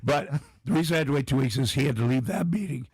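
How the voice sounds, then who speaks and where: A man's voice: medium pitch, fast talker, slightly rough, no echo. A middle-aged man, a comedian and actor, telling self-deprecating stories as a guest on a talk show. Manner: self-deprecating, animated storyteller. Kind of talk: casual anecdotal storytelling.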